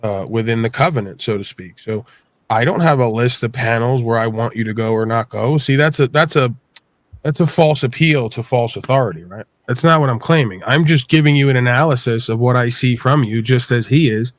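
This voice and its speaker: A man with a middling voice calmly lays out a formal, analytical case, weighing his words. The sound is close and dry, with no room around it. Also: medium pitch, a little fast, no room sound. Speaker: panelist. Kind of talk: live panel debate.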